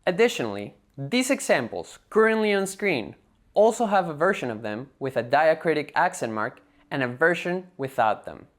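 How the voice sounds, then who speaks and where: Female language teacher with a faint Spanish-speaking accent, low, lively voice, methodical scripted delivery. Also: moderate pace. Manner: clear, methodical explaining. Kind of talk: scripted lecture narration.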